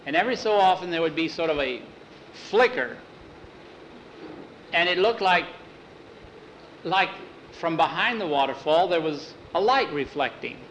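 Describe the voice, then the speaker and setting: Man, folksy storyteller, slightly high voice, faint background hiss. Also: lively intonation, measured pace, pauses often, a bit bright, poor audio. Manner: folksy, plain-spoken, repeats "he said".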